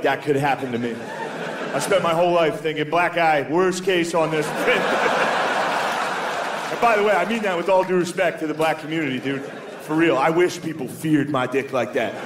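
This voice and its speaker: A man in his thirties doing a stand-up comedy set, telling loose, profane, self-mocking stories on a comedy club stage. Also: on the high side. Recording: live club set with crowd noise. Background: audience laughter.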